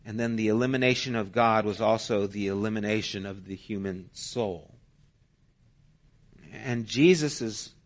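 A male pastor preaching a sermon in an earnest, conversational way, using everyday stories. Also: fairly low pitch.

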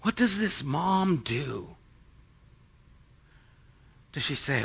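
A man's voice: a little high, big pitch swings, slow, gravelly, pauses often, fairly bright tone, husky, muffled recording. A man preaching a sermon as pastor, reading scripture aloud and then retelling it in plain everyday speech.

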